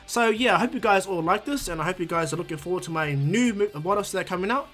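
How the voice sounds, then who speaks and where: A man's voice: high-pitched, quick pace, a bit bright, soft background music. A man casually narrating a fan-made anime story for his channel, rambling, restarting words and adding "you know". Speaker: YouTube storyteller.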